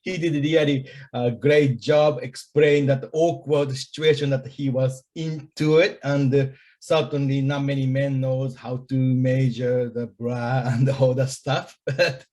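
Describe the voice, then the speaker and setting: A man giving hesitant, halting feedback in an online meeting. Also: medium pitch, little pitch movement, darkish tone.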